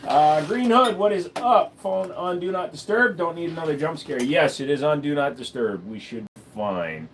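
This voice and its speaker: A man's voice: a little high, expressive, normal speed, hardly any pauses, fairly bright tone, slight background noise. A man hosting a casual livestream, rambling and joking while he talks to his dog between topics. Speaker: livestream host.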